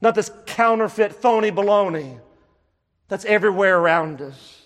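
A man's voice: high-pitched, animated, normal speed, in a large hall. A man preaching a sermon, emphatic and full of rhetorical questions, repeating phrases for stress.

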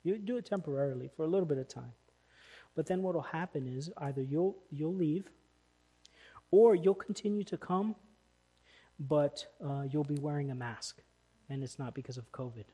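Man, pastor delivering a church sermon; emphatic, slightly higher voice. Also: normal speed, long pauses. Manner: emphatic, rising to loud stresses.

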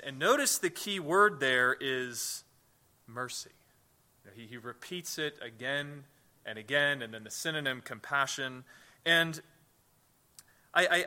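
With a slightly high, bright voice and a forceful tone, a man teaches a sermon as pastor. His delivery is conversational, and he tends to repeat words at the start of sentences while asking the congregation rhetorical questions.

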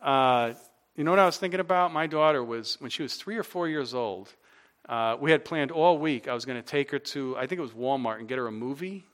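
A middle-aged man preaching a sermon as a pastor, telling stories, dropping to a hush and then rising loud and animated. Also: medium pitch, fairly quick. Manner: storytelling, swings from hushed to loud and animated.

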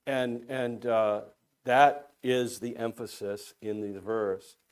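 Slow, earnest male preacher. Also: medium pitch. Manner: emphatic, slows to stress key words; earnest, exhorting. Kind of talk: sermon.

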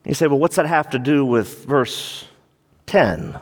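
A man's voice: medium pitch, lively intonation, a little slow, big-room sound. A male pastor preaching a sermon in an emphatic, conversational way, often repeating himself as he works through a passage.

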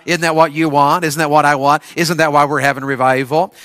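A male preacher delivering a revival sermon, telling folksy stories with restarts and repeated questions that build to high shouted climaxes. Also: level tone, fairly quick, few pauses. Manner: folksy Southern storytelling with restarts.

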